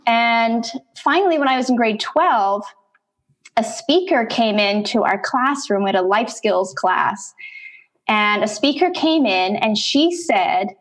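A middle-aged woman, an interview guest, telling her life story in conversation, animated and acting out bits of past dialogue. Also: fairly high pitch, slow.

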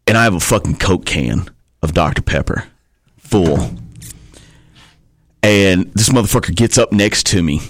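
A man's voice: low voice, expressive, unhurried, pauses often, no echo. A man telling rambling, profane stories as a wrestler guest on a podcast. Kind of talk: casual podcast storytelling.

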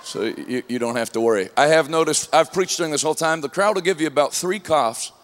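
Male preacher, high-pitched, jokey storyteller who rises to shouting, long reverb. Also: fairly quick. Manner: humorous storytelling, rising to shouts. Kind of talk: sermon.

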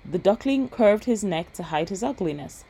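A woman reading a bedtime story aloud in a gentle, steady voice. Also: mid-range voice, normal speed, creaky, breathy edge, rough recording.

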